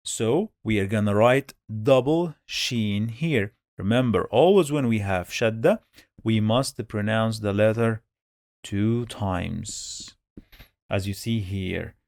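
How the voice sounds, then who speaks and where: A man's voice: fairly low pitch, slow, a little mellow, dry recording, clean studio sound. A man teaching Quran reading to beginners, patiently sounding out and repeating each syllable. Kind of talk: step-by-step reading lesson.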